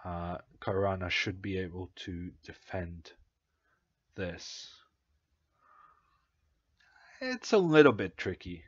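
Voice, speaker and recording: Norwegian guy streaming chess commentary, lowish voice, kinda muffled dry mic, lots of uhs. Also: expressive, takes it slowly, pauses often, breathy edge, no echo. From Norway. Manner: hesitant, thinking aloud with many fillers. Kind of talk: casual live stream commentary.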